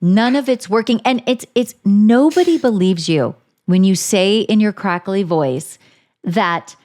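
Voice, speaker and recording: A woman's voice: mid-range voice, moderate pace. A woman in her forties co-hosting a casual chat show, talking bluntly and profanely, telling stories with lots of energy. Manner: blunt, profane, animated storytelling. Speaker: podcast co-host.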